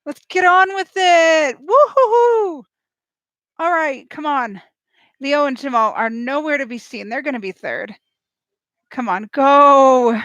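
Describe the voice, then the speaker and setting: A woman vlogger giving live reaction commentary, excitable and gushing, talking straight to her viewers. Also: high voice, unhurried, no echo, low-quality recording.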